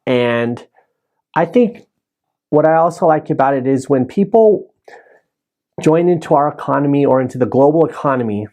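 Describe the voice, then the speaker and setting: A man's voice: on the high side, expressive, moderate pace, long pauses, warm tone. A man hosting a podcast, recapping his season in a casual, rambling way and correcting himself as he goes. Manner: rambling, self-correcting with restarts. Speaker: podcast host.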